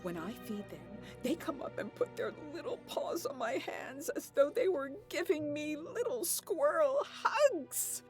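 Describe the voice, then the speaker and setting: A doting middle-aged lady who adores her cats and squirrels. She talks in a gushing, sing-song manner, her voice pitched high and swinging up and down a lot. It is game voice acting. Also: sing-song, a little slow, few pauses, soft background music, exaggerated voice.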